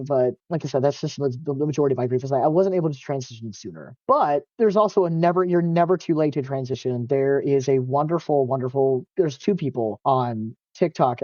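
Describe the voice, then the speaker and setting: A man's voice: on the high side, dark tone, dry recording. A young man talking casually as an interview guest, rambling with lots of fillers and restarts, open and emotional and laughing often. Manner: rambling, many fillers and self-corrections. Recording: dull, muffled lo-fi recording.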